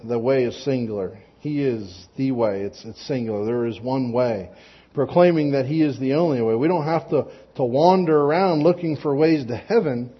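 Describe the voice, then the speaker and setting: A man with a somewhat high, husky voice delivers a relaxed, conversational sermon. He talks plainly, trips over and repeats words as he restarts his thoughts, and tosses in light joking asides. The recording is dull and lo-fi. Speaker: preacher.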